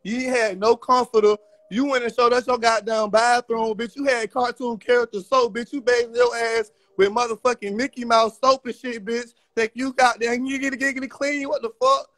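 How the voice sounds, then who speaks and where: High-voiced brash livestream host man. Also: steady tone, moderate pace, a bit bright, dry recording. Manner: brash, profane trash talk. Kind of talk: insult battle on a live stream.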